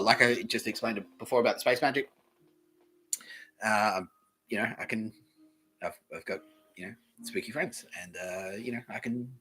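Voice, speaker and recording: A man's voice: mid-range voice, fairly bright tone. An Australian man hosting a comedy podcast, ranting in a profane, rambling, mock-outraged way. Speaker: podcast host. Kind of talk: comedic rant.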